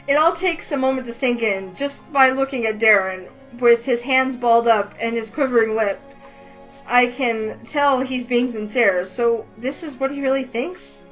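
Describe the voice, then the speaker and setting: A woman reading a romance game aloud in a lively, excitable way, with faint music behind her. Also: on the high side, normal speed, poor audio. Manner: lively, excitable, voices the heroine with outbursts. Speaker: gaming channel host reading a visual novel.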